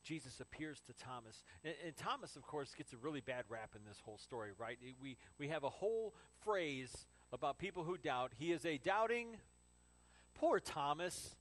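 Male preacher, sermon, animated narrator swinging from hushed to loud. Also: medium pitch, a little fast, hardly any pauses, rough recording. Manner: animated storytelling, from hushed to exclaiming. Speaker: pastor.

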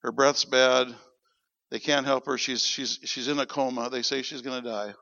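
A man's voice: mid-range voice, moderate pace, gravelly, dry recording. A man preaching in church, telling a personal story and acting out the dialogue with animation. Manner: animated, acts out quoted dialogue. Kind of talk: sermon storytelling. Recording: dull lo-fi sound.

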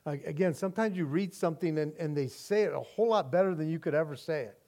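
A male pastor preaching a sermon in an earnest way, often restarting and repeating words, and moving between quiet and emphatic passages. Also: fairly high pitch, fast talker.

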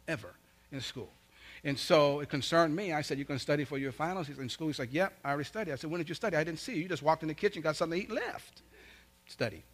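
A middle-aged man preaching, telling a family story and acting out the voices with big swings in loudness. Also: mid-range voice. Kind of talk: sermon storytelling.

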